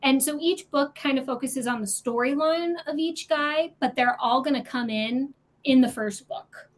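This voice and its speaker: A woman hosting a casual online book club chat, gushing and animated about a series. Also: high-pitched, moderate pace. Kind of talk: casual group video chat.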